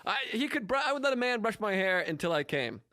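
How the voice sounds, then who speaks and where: Young male podcast comic, slightly high voice, dry close mic, crude storyteller. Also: sing-song, quick pace, bright, forceful tone, no echo. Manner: crude storytelling, acts out voices, laughs often. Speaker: podcast co-host. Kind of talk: casual comedic chat.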